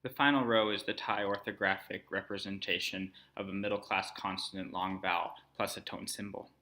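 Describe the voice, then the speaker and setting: A man narrates a screen-recorded tutorial at a fairly quick pace, his voice low and bright. He breaks things down calmly, one step after another, in the style of a language teacher.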